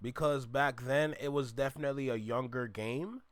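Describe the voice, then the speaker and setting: A man's voice: medium pitch, moderate pace, dry recording. A man hosting a reaction video, commenting with emphatic, preachy talk and addressing listeners as "y'all.". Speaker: reaction channel host.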